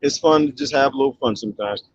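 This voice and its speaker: Quick and medium-pitched, a middle-aged man reads viewer comments in a casual live chat, laughing often and animatedly imitating voices in the quotes. The audio has its highs cut off and a little hiss or hum.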